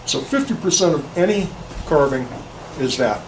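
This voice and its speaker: A folksy man gives a workshop talk on carving, rambling, restarting his words and slipping in jokes. His voice sits a bit high for a man. He is heard from some distance off the mic, with faint room ambience behind him. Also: animated, moderate pace, a little hiss or hum. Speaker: chainsaw carving instructor. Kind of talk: casual workshop talk to an audience.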